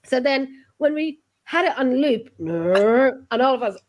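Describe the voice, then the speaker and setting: A woman's voice: sits high, expressive, slow pace. A woman hosting a podcast, telling stories in casual chat with lots of giggling. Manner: giggly, chatty storytelling. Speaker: podcast host.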